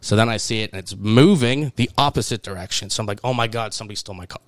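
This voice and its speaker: A man co-hosting a podcast in a studio, telling a long story with lots of laughter and sudden high jumps in his voice when he acts out the panicked moments. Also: rapid-fire, no room sound. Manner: animated storyteller, laughs through his words. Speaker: podcast co-host.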